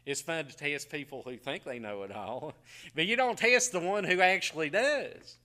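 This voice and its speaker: A middle-aged man preaching a folksy sermon, telling homey stories with frequent chuckles and quiet asides. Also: a little high, lively intonation, moderate pace.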